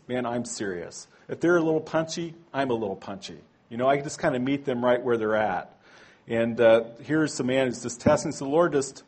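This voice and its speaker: A Bible teacher with a medium-pitched, slightly breathy voice leads a church training class in a conversational manner. He throws in rhetorical asides and corrects himself aloud.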